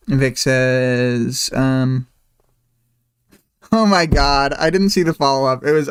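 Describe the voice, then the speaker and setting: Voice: medium pitch, slow, pauses often, smooth. A livestream host casually summarizing and discussing a chapter in a rambling, hesitant way.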